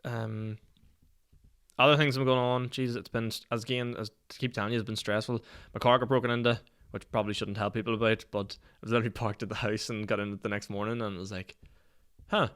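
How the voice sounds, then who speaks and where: Rambling Northern Irish podcast host. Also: male voice, on the low side, level tone, quick pace, fairly bright tone. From Northern Ireland. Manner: rambling, self-mocking storyteller, swears and laughs often. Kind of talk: solo casual podcast chat.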